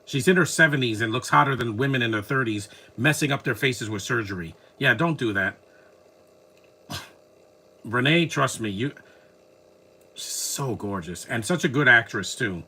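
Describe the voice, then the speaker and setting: A man's voice: mid-range voice, lively intonation, moderate pace, long pauses, pushed and bright, husky. A man giving casual, opinionated commentary while watching a film, rambling and restarting his sentences.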